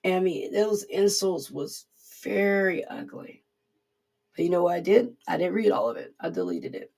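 A woman's voice: lowish voice, big pitch swings, normal speed, gravelly, mellow. A woman giving an informal devotional sermon in an earnest, repetitive, conversational way. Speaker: preacher.

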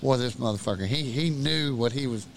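A middle-aged man telling profane, animated stories on a podcast with plenty of laughing. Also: mid-range voice, a little fast, gravelly, very noisy. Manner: animated, swearing, laughing storyteller. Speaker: podcast guest. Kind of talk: profane storytelling chat.

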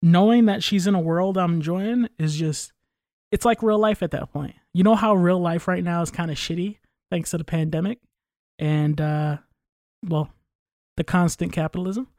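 A man's voice: sits high, normal speed, darkish tone, no room sound. Man, casual rambling chat, profane, opinionated, dead dry recording.

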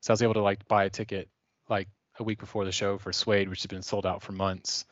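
A man's voice: on the low side, fast talker, no room sound. A man co-hosting a podcast in casual chat, talking enthusiastically. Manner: enthusiastic, excitable. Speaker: podcast co-host. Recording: dull lo-fi audio.

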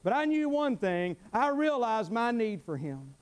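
A man's voice: very high voice, sing-song, a little slow, clean tone. A middle-aged man preaching a fervent, folksy sermon, often repeating himself and calling out amen.

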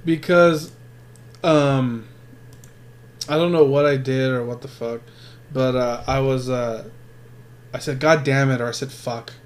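A man's voice: mid-range voice, steady tone, a little slow, pauses often. A man telling crude stories in casual chat, swearing constantly and rambling with many restarts. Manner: profane, rambling, restarts a lot.

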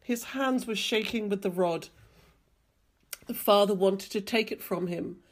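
A woman's voice: mid-range voice, unhurried. Woman reading fiction dramatically. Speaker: reader. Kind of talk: audiobook reading.

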